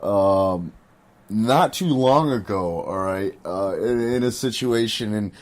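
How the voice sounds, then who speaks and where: A man's voice: lowish voice, takes it slowly. A man co-hosting a casual recovery podcast, laid-back and agreeable, trailing off with fillers. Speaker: podcast co-host. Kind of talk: casual chat.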